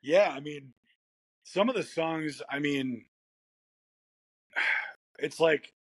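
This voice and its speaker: Rambly american guy in an interview, husky voice, laughs a lot, dead dry sound. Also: fairly high pitch, very slow, a bit bright, dry recording. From United States. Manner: laid-back, rambling, laughs often. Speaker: guest musician. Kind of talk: casual interview chat.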